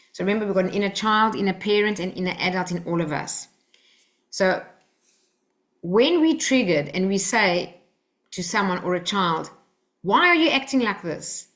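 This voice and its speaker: A woman teaching a live workshop, coaching the group gently and acting out phrases to say to children. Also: lowish voice. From Australia.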